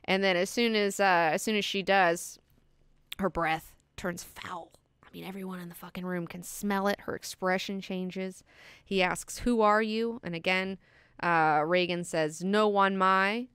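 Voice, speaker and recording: A woman's voice: fairly low pitch, a little slow, clean tone, dry recording, clean studio sound. A young adult woman hosting a book class, casually retelling a horror novel with lots of swearing and fillers. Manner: profane, animated retelling with fillers. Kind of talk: casual book discussion lesson.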